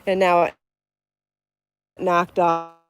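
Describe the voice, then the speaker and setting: A woman's voice: on the low side, level tone, extremely slow, smooth. A woman hosting a live stream outdoors on the way to a beach. She talks casually into a handheld phone, chatty and apologetic, laughing often and out of breath. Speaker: podcast host on a live stream. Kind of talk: casual live vlog while walking a bike. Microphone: phone held in hand.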